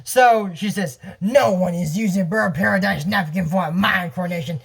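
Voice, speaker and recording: A man's voice: high-pitched, moderate pace, vocal fry, slightly rough. A young man casually recapping a cartoon episode, rambling with restarts and laughing at his own jokes.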